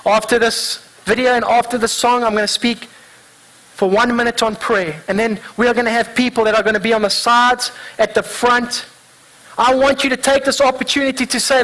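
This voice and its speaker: A man preaching a sermon in a church, asking the congregation earnest rhetorical questions and reading scripture slowly and deliberately. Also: extremely high pitch, fairly even intonation, fairly bright tone, poor audio. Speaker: pastor.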